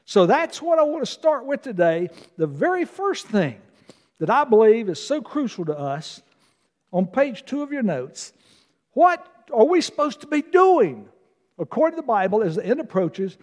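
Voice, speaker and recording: A man preaching a sermon as a guest preacher, emphatic, swinging between loud declarations and soft asides. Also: extremely high pitch, very animated, normal speed, in a large hall. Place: church sanctuary.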